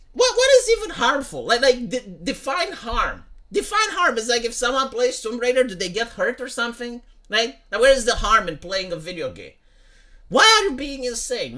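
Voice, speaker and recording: Young guy ranting and swearing, bright voice, pitch jumps all over. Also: big pitch swings, moderate pace. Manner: heated, profane, repeats "like" and "right?". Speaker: commentary streamer. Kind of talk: ranting commentary.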